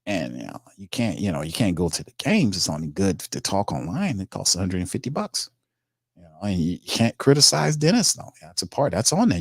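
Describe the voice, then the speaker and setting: A man's voice: sits low, vocal fry, husky, no room sound, clean studio sound. A man hosting a sports talk stream, reading chat comments and ranting emphatically in informal, streetwise speech. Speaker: sports show host.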